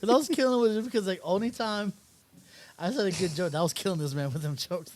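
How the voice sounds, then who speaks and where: A podcast co-host telling a story in casual chat, animated, laughing often and stumbling over words. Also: mid-range voice, quick pace.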